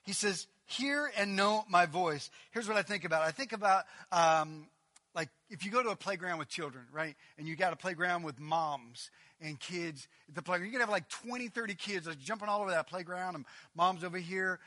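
High bright-voiced male preacher. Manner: swings from loud emphatic lines to hushed near-whispers; conversational with fillers and quick asides. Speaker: pastor. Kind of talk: sermon.

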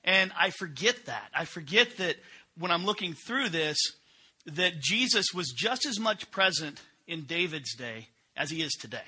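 A middle-aged pastor preaching with a very bright, forceful voice pitched a little high. He talks in a loose, conversational way, tossing questions out to the congregation as he goes. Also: expressive, unhurried, husky. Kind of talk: sermon.

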